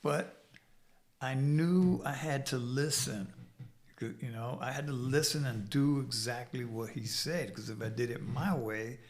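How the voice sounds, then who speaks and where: A gravelly man in his sixties from New York City, speaking in a blunt, profane, streetwise way. His voice sits at an average pitch with a rough, fry-edged texture. He is a guest telling his own recovery story. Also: a little slow.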